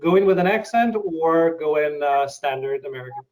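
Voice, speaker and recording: A man with a fairly high voice hosts a casual interview. He speaks thoughtfully and a little haltingly, pausing to find his words as he asks questions and tells his own stories. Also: lively intonation, darkish tone, rough recording. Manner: thoughtful, halting, many fillers. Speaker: interview host.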